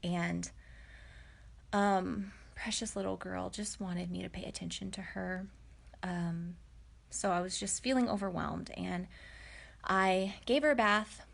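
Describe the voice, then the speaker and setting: Candid woman, slightly gravelly. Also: fairly low pitch, steady tone, takes it slowly. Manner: candid, reflective, chatty with many fillers. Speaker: vlogger. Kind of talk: personal storytelling to camera.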